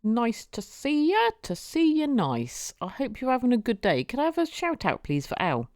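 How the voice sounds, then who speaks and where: A woman's voice: fairly high pitch, huge pitch swings, moderate pace, a little mellow, no room sound, clean studio sound. A woman streaming, chatting casually with viewers and often repeating her words as she goes. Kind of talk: casual live-stream chat.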